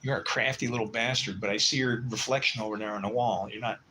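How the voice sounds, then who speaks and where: Blunt, sharp-toned older man rambling on a livestream. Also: fairly low pitch, steady tone, quick pace, a little hiss or hum, rough recording. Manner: blunt, swearing storyteller who mutters asides. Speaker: livestream host. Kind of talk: casual rambling livestream chat.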